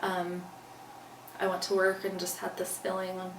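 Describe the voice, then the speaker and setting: A woman's voice: fairly low pitch, monotone, moderate pace. Earnest woman telling her story in a roomy space. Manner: earnest, retells events by acting out her own past lines. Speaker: interview guest. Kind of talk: casual storytelling interview. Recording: roomy, distant mic, faint background noise.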